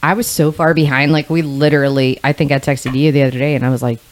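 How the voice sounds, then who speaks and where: A woman's voice: low-pitched, little pitch movement, fast, low-quality recording. A young woman co-hosting a podcast in casual chat, crude, joking and rambling. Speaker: podcast co-host.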